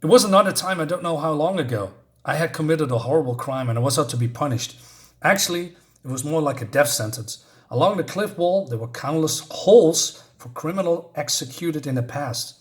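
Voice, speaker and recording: A man's voice: a little high, natural voice. A man doing an anxious young man in a horror tale. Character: anxious young man trying to stay calm.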